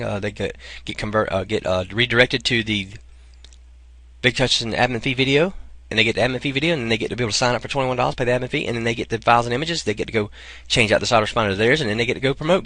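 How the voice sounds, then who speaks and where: Outdoors, a vlogger with a bright, forceful mid-range voice races through a rambling, chatty video promoting an online income program, and the sound has no echo. He's recovering from a cold and coughs, constantly calling his viewers "guys" and "man."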